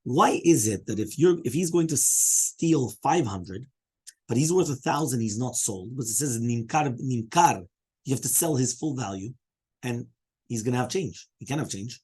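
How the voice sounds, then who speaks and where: A man's voice: mid-range voice, lively intonation, normal speed, a little mellow, husky. A man who is a rabbi leading a Talmud study class, explaining step by step, fielding students' questions and often checking in with "right?".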